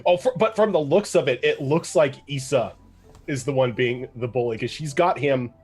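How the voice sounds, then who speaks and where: A man's voice: mid-range voice, moderate pace, darkish tone, slightly rough, faint music behind. A man narrating a tabletop game as game master, casual and full of fillers. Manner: casual, with many fillers and laughs.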